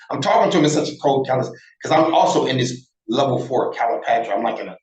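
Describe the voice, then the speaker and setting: A man in his sixties tells stories in a casual interview, blunt and profane, voicing every quoted line himself. His voice sits at a middling pitch. The recording carries a roomy echo. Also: fast talker, hardly any pauses, highs cut off. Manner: animated, acts out quoted dialogue, blunt and profane. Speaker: interview guest, former prisoner.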